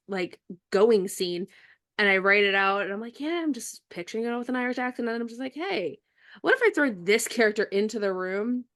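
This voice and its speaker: A woman author in a casual podcast conversation, bubbly and laughing often, with halting restarts. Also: mid-range voice, fairly bright tone.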